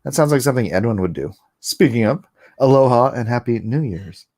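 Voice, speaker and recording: A man hosting a casual livestream, chuckling often and reading chat aloud, a little hoarse after coughing. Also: medium pitch, animated, brisk, a little mellow. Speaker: livestream host.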